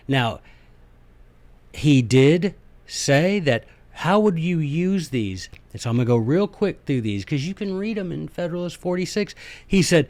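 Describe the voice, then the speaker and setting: A man hosting a podcast, giving a casual, animated lecture on history and politics and slipping into little skits. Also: fairly high pitch, moderate pace, dry recording. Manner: animated, folksy, acts out little skits in voices. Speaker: podcast host.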